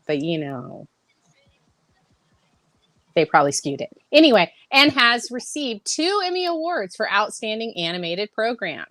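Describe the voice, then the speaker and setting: A woman's voice: fairly high pitch, sing-song, a little slow, a bit bright, dry recording. A woman co-hosting a casual podcast, reading news aloud, teasing her co-host and laughing often.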